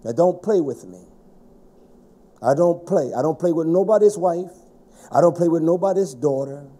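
A middle-aged man preaching a stern, scolding sermon to a congregation, rising to shouts at times. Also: fairly high pitch, moderate pace.

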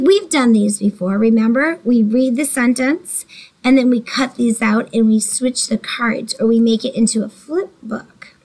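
A woman teacher leads a reading lesson for small children. She speaks slowly and patiently in a slightly high voice and gently encourages each child by name. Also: poor audio.

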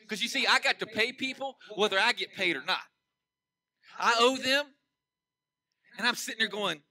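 A pastor preaching a sermon, swinging between loud emphatic declarations and hushed asides, and stretching key phrases out slowly. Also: male voice, high voice, low-quality recording.

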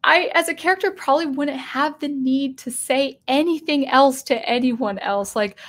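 A woman hosting a spoken commentary video, animated and given to restarts, who acts out the lines she quotes. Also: high voice, slow pace.

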